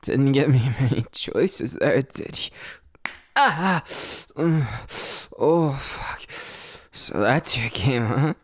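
Very slow, breathy man in intimate role-play. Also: mid-range voice, lively intonation. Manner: teasing, breathy, often dropping to a whisper. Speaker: audio role-play performer.

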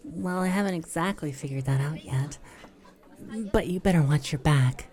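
A young adult woman in a whispered role-play, talking in flustered, breathy whispers and teasing asides. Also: deep voice, normal speed, a little mellow.

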